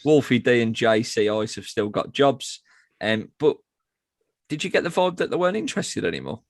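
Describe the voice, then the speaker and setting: A man recaps a wrestling show for a podcast, swearing freely and drifting into sarcastic asides. His mid-pitched voice sounds close and dry, with no room around it. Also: big pitch swings, normal speed, no room sound. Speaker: podcast co-host reviewing wrestling. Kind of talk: casual recap narration.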